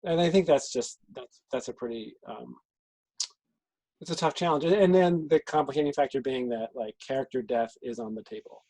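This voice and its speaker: A man's voice: medium pitch, moderate pace, mellow, no echo, poor audio. A man talking as game master in an out-of-game group discussion, reflective and thinking aloud.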